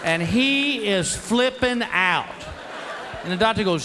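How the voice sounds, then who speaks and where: A middle-aged man, telling a stand-up comedy story with animated delivery and acted-out voices, sometimes shouting punchlines. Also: sits high, takes it slowly. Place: stage before a live audience. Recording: live show with crowd laughter and noise. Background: audience laughter.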